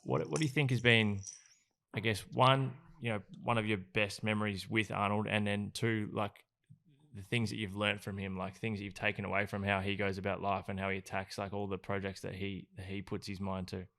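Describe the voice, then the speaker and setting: A male podcast host with a low, gravelly voice puts a long, wandering question to his guest. He searches for his words as he goes. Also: flat delivery, brisk, sharp tone. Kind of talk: interview questions.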